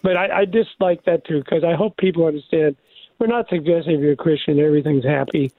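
An older man, a pastor and radio guest, talking through scripture in an animated, preacherly way with many restarts, over a phone line. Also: on the high side, fast talker, no room sound. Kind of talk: devotional radio talk.

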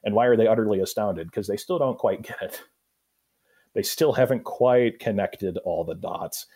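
A man, a pastor, explaining a Bible passage in a thoughtful, unhurried way, often pausing with fillers and restarting sentences. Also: fairly low pitch, warm tone, slightly rough. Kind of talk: Bible study discussion.

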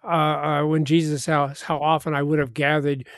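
Man, somewhat high voice, eager conversational co-host, dry room. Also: little pitch movement, normal speed, no room sound. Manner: eager, conversational storyteller with stammered restarts. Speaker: co-host discussing Bible passages. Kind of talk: casual Bible study chat.

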